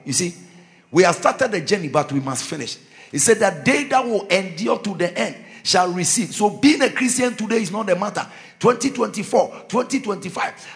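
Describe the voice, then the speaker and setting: A man preaching a fervent Christmas sermon in a church. His voice sits high and swings widely in pitch, dropping low for quiet lines and leaping up into ringing shouts. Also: creaky. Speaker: pastor.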